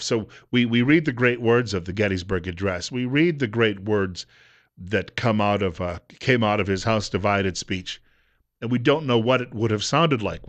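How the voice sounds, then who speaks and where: A man's voice: lowish voice, a bit bright. A male radio talk host in casual commentary, talking conversationally with frequent fillers and restarts.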